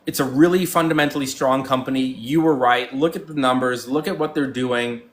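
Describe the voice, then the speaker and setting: A man's voice: mid-range voice, fairly even intonation, a little fast, a little hiss or hum. A man in his forties talking casually as a guest, telling stories with lots of fillers and restarts and acting out both sides of old conversations. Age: 40s. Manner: rambling storyteller, many fillers and restarts. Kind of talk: casual chat.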